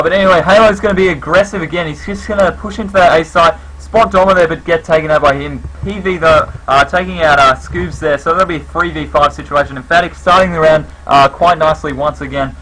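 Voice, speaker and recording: Man, esports commentator, casual play-by-play, filler-heavy, bright voice, faint background hiss. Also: on the high side, fast, hardly any pauses, rough recording.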